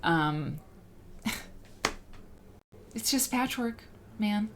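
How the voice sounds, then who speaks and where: A woman hosting a casual livestream, rambling and excitable as she chats and reads out viewer comments. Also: mid-range voice, extremely slow, slight background noise. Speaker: livestream host.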